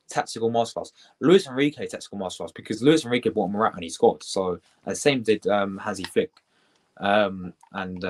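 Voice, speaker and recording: A young British man hosting a live football reaction stream, chatty and excitable, swearing and shouting out viewers in his chat. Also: medium pitch. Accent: British English. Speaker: football livestream host.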